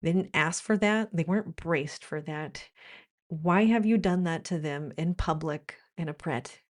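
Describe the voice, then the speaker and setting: A woman's voice: low voice, unhurried. An American woman vlogging in a wry, playful commentary style, now and then slipping into quoted phrases. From United States. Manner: wry, playful, shifts into mock-British quotes. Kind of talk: chatty commentary.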